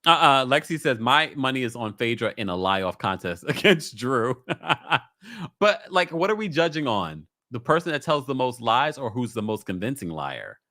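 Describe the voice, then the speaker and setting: A man's voice: mid-range voice, pushed and bright, no echo, studio quality. A man with a New York accent hosting a casual live-stream call-in show, reading out viewer comments and laughing often. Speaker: livestream host.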